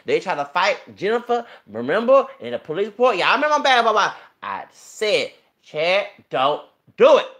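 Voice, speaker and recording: A man's voice: high-pitched, huge pitch swings, fairly quick, few pauses, bright, forceful tone. A man ranting emotionally and profanely in his own vlog, delivering celebrity gossip commentary. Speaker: YouTuber.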